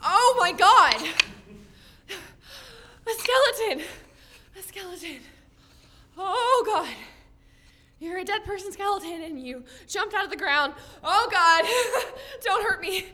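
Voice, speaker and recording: A dramatic, death-obsessed teenage girl, played by a woman in an audio drama. She sighs and broods, her voice high and bright, swooping widely. She speaks slowly and moodily. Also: full character voice. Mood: startled. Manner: sighing, moody, breathless when excited.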